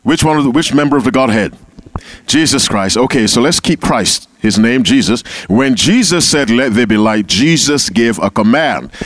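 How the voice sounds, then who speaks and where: A man's voice: mid-range voice, expressive, moderate pace, no echo. Man, Bible teacher, mid-range voice, calls on readers, repetitive emphasis. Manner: calls on members to read, repeats key phrases. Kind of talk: interactive Bible class.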